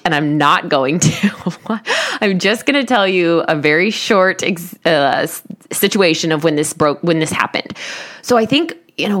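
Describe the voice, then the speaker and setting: A woman's voice: fairly low pitch, fairly bright tone. A woman in her thirties, a coach, candidly telling listeners a personal story in a self-deprecating way. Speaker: life coach.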